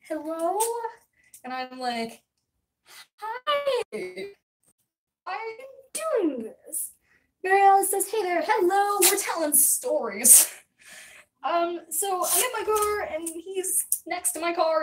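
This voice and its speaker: A young adult woman livestreamer telling a story to her chat in a rambling, chatty way, full of quick asides. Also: high-pitched. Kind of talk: casual storytelling to live chat. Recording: voice a bit distant from the mic.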